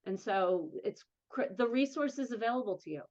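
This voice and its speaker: A woman's voice: fairly high pitch, lively intonation, darkish tone, highs cut off. A woman with a New Jersey accent, an interview guest and advocate, telling her own story candidly and emphatically. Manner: earnest, emphatic, quick bursts of speech.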